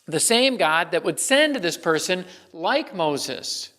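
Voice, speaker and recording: Male pastor, slightly high voice, relaxed halting sermon delivery, long church reverb. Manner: conversational, with many restarts and fillers. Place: church sanctuary.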